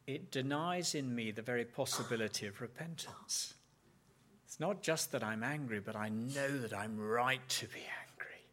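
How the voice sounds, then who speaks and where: A man delivers a sermon in a bright, forceful voice. He leans hard on key words, drawing them out slowly, and acts out brief quoted exchanges to drive his point home. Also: medium pitch. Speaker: preacher.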